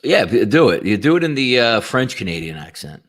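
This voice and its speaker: A man co-hosting a casual sports show, talking quickly with strong opinions. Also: medium pitch, sing-song. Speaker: sports betting show co-host.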